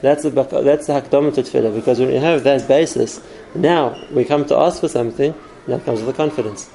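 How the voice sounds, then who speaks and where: A man's voice: medium pitch, brisk, gravelly, warm tone, slight background noise, poor audio. A man giving an earnest spoken Torah class, explaining step by step with numbered points. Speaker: Torah teacher.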